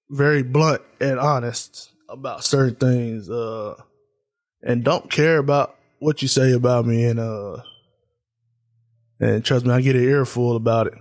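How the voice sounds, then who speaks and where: A man's voice: medium pitch, steady tone, measured pace. A young man hosting his own podcast alone, talking loosely and candidly with lots of fillers in a subdued, reflective tone. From Tennessee. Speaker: podcast host. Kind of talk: solo casual podcast talk.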